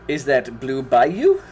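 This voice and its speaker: A man's voice: medium pitch, a little mellow, slight background noise. A man commentating his own gameplay on a live stream, exasperated, swearing and groaning at the game.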